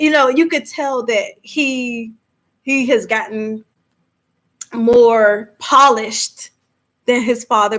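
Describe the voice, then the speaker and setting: A woman with a slightly high voice hosts a live movie discussion. She talks casually to her viewers, lively and chatty, often breaking into laughter.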